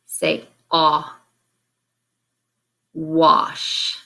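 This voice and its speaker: A woman teacher with a low voice leads a classroom drill at a very slow pace. She is patient and says each prompt clearly, with long pauses between words. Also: lively intonation, fairly bright tone.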